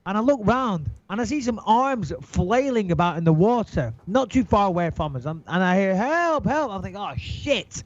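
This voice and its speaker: A middle-aged man telling an animated, swearing anecdote in casual chat, acting out his own panic. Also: sits high, brisk, hardly any pauses. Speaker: guest storyteller. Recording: dull lo-fi sound, dry.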